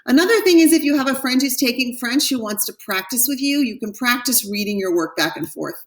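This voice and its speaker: Woman, teacher, recorded class lesson, careful slow model words, roomy echo, a bit far from the mic. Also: on the high side, animated. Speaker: French teacher. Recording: echoey room, voice a bit off-mic.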